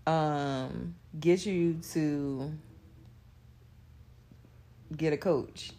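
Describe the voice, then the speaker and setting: A woman in her thirties chatting casually with her partner, slow and thoughtful, pausing to find her words. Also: low voice, steady tone, dark tone. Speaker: co-host in a couples question chat. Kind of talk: casual chat.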